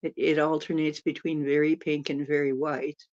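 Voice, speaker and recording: A woman's voice: sits low, flat delivery, normal speed, a little mellow. A woman hosting a casual live-stream Q&A as a spiritual channeler, chatting in a rambling way and laughing often. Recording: dull lo-fi sound.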